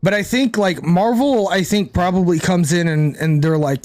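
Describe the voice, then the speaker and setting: Chatty high-voiced male streamer. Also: moderate pace, hardly any pauses, a little mellow. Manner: rambling, thinks aloud, swears casually. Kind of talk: casual gameplay commentary to chat.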